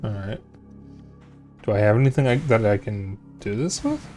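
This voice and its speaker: A man's voice: fairly low pitch, lively intonation, normal speed, a little mellow, soft background music. A sleepy man streaming a video game, rambling and muttering to himself with frequent restarts. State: sleepy, yawning. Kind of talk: casual gaming commentary.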